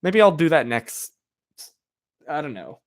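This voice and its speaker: A man's voice: a little high, big pitch swings, unhurried. A man live-streaming from a chilly room, chatting casually and rambling with plenty of "like" fillers while answering his viewers. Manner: answers viewer chat directly. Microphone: streaming microphone.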